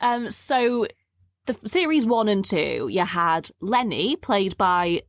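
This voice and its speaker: A woman's voice: medium pitch, lively intonation, slow, no room sound, studio quality. A woman co-hosting a podcast in casual chat, easygoing and explanatory. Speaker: podcast co-host.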